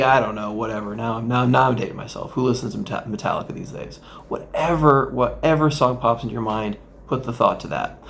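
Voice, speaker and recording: A male therapist talks the listener through a mindfulness exercise, his voice carrying a gravelly rasp at mid pitch. His delivery is gentle and guiding, loosened by playful asides. A faint hiss sits under the recording. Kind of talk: instructional talk with guided exercise.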